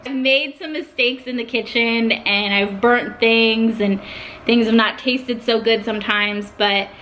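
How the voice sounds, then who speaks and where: A young woman talking casually and warmly to her viewers about her love of cooking, getting emotional at times. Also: a little high, steady tone, measured pace, a little hiss or hum. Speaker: vlogger. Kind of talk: casual talk to camera.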